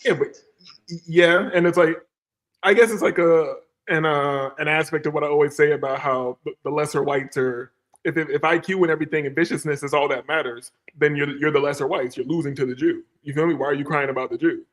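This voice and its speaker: A man's voice: on the high side, steady tone, fairly quick, a bit bright. A man hosting a casual podcast, talking in a loose, slangy way full of fillers. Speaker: podcast host. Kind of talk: casual chat.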